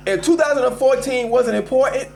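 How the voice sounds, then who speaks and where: High-pitched guy going off on a sports rant, keeps saying y'all, faint music behind. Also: a little fast, creaky. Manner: animated, emphatic, addresses listeners as y'all. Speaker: host of a live call-in show.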